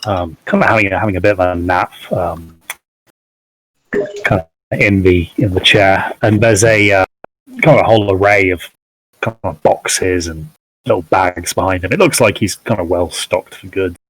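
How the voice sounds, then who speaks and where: A man with a low voice narrates a tabletop fantasy game as its game master. He hedges constantly and reaches for words as he describes the scene. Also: fairly even intonation, fairly bright tone, no room sound, low-quality recording. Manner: halting, many fillers and hedges.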